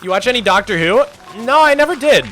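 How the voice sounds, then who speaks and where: A man's voice: very high-pitched, expressive, fast talker, pushed and bright, soft background music. A man streaming a game, chatting casually, answering viewer questions and thanking donors as they come in. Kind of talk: casual livestream chat.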